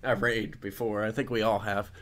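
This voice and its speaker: A man from the United States hosting a podcast, telling stories in an animated way and swearing freely. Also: fairly low pitch, normal speed, a crowd in the background. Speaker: podcast host. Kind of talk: casual podcast chat.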